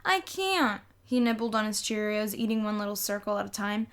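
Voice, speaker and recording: A woman reading a children's novel aloud in a lively storytelling way. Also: mid-range voice, fast talker, clean tone. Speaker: audiobook reader.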